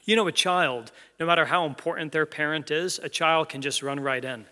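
Male pastor, earnest, conversational sermon, bright tone, echoing sanctuary. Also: a little high, brisk. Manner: earnest, conversational, asks the congregation questions. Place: church sanctuary.

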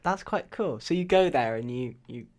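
A chatty male radio host in easy breakfast-show talk, laughing often between remarks. His pitch sits in an ordinary middle range. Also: animated, moderate pace, darkish tone. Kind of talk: casual radio chat.

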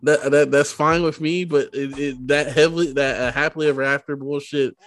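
A man's voice: on the high side, fairly even intonation, normal speed, fairly bright tone. A man co-hosting a casual book podcast who rambles, restarts his sentences and laughs a lot. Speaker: podcast co-host. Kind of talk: casual chat.

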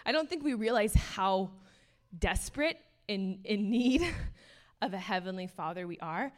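A woman's voice: medium pitch, animated, unhurried. Earnest young woman preaching a sermon. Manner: earnest, casual, many fillers, laughs between points. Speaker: speaker.

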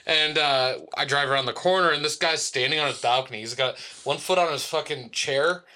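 Young male podcast co-host, bright tone, animated swearing storyteller. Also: fairly high pitch, fairly quick. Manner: animated, swears freely, laughs often. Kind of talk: casual storytelling chat.

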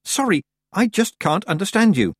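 A man's voice: sits high, sing-song, moderate pace, husky, dry recording, clean studio sound, pitched above the performer's own voice, exaggerated voice. A man reading an audiobook, voicing an earnest, stubborn young witch girl. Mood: urgent. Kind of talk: audiobook character voice.

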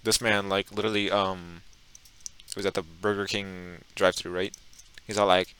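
A man's voice: deep voice, little pitch movement, normal speed, pushed and bright, clean tone, low-quality recording. A man chatting casually while playing a game, teasing his friend with crude jokes. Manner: crude, teasing, joking banter. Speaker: gamer co-host. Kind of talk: casual gaming chat.

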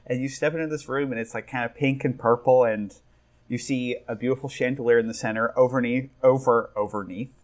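A man's voice: mid-range voice, fairly even intonation, a little fast. A young man narrating as game master, talking casually and rambling with many fillers.

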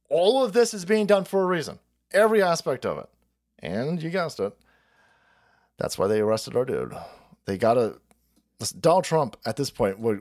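A man hosting a livestream, ranting in a profane, mocking way and putting on voices to mimic the people he attacks. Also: on the high side. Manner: foul-mouthed, animated, mocking voices of opponents. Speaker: livestream host. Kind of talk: profane political rant.

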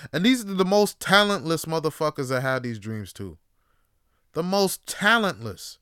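A man's voice: a little high, a bit bright, clean tone, dry recording, clean studio sound. Profane, rambling man on a podcast. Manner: profane, rambling, laughs often. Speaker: podcast host. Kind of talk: casual opinion monologue.

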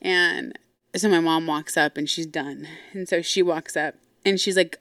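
A woman's voice: sits low, steady tone, measured pace, a bit bright, no room sound, studio quality. A woman hosting a podcast, telling a family story in a candid, casual way, swearing freely and acting out what others said. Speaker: podcast host.

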